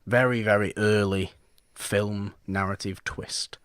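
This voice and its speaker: Guy cohosting a movie podcast, lowish voice, super animated, acts out reactions, dry close mic. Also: moderate pace, no echo. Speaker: podcast co-host. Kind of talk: casual film chat.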